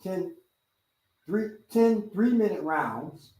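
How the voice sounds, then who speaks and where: A middle-aged man, a martial arts instructor and host, telling stories in casual chat and acting out other people's lines loudly. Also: sits high, slow. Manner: animated, acts out quoted voices loudly. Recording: roomy sound from a distant mic.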